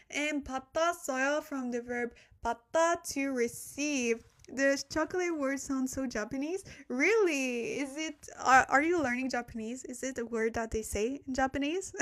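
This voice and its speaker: A young woman with a high, bright-toned voice leads a casual live-stream language lesson. English is not her first language, and she speaks into a desk microphone. She chats with her viewers and laughs easily between explanations. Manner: chatty, laughs often, talks to chat viewers.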